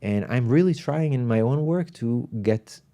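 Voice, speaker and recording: A man, a spiritual teacher, speaking in an animated, thoughtful way while telling stories in a podcast conversation. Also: mid-range voice, measured pace. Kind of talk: reflective storytelling in conversation.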